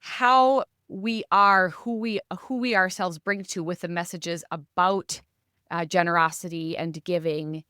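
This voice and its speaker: A woman with a lowish voice hosts a podcast, reflective and searching for her words as she builds a question. Her voice is dry and close to the mic. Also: steady tone, a little slow, pushed and bright, clean tone, dry recording. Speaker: podcast host. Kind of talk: casual podcast discussion.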